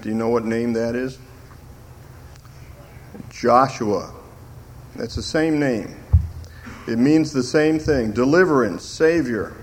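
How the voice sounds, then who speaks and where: An older man preaching a sermon as pastor, slow and emphatic, lifting his voice when he quotes scripture. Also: mid-range voice.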